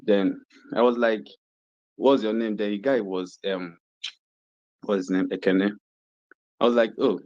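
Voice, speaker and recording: A man's voice: fairly low pitch, fairly even intonation, measured pace, pauses often, darkish tone, dry recording. A Nigerian man, a guest on a call, talking easygoing and musing with many fillers. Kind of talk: casual chat over a call. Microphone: phone or video call. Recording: dull, lo-fi call line.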